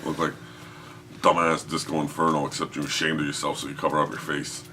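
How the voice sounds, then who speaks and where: A man's voice: very deep voice, little pitch movement, brisk, noisy background. A man hosting a casual comics podcast, talking in a rambling, profane way and laughing often. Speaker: podcast host.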